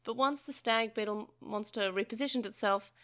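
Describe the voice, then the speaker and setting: Woman reading a novel aloud, bright. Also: fairly high pitch, normal speed. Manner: expressive, with small slips. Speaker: podcast host reading a novel.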